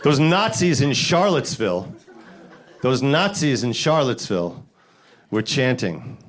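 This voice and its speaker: A man from the Bronx, performing a stand-up comedy set with deadpan setups and sudden loud punchlines. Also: mid-range voice, normal speed. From the Bronx, New York. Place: comedy stage with live audience.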